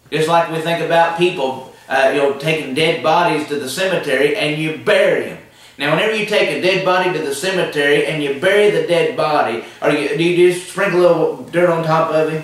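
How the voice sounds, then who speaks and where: A man's voice: a little high, fairly bright tone, very echoey, far from the mic, poor audio. A man preaching a sermon, emphatic and repetitive, asking the listeners questions. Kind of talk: televised sermon.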